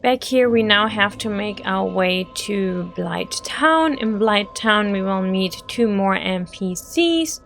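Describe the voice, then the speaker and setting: A woman's voice: medium pitch, takes it slowly, gravelly, hardly any pauses, a bit bright, soft background music. A woman hosting a game walkthrough, giving chatty, emotional gameplay commentary.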